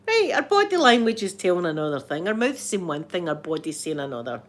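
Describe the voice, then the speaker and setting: A woman's voice: fairly low pitch, big pitch swings, normal speed. A middle-aged Scottish woman hosting a live stream, chatting casually with viewers, laughing often and mimicking other voices. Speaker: ASMR livestream host.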